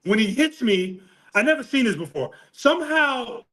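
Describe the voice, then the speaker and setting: On poor audio, a middle-aged man with a very high voice talks at a moderate pace. He's a New York City boxing coach telling a story in a casual interview, animated and laughing, with plenty of swearing.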